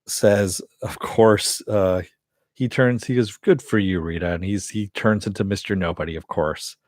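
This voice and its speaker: A man's voice: on the low side, a little slow, a little mellow, dry recording. A man casually recapping a TV episode, retelling the scenes in a loose, rambling way and swearing freely. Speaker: TV show reviewer.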